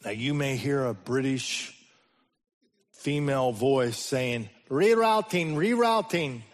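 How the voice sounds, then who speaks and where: A man preaching a sermon as the pastor, his voice swinging between sudden loud rises and slow, hushed drops. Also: medium pitch, fairly even intonation.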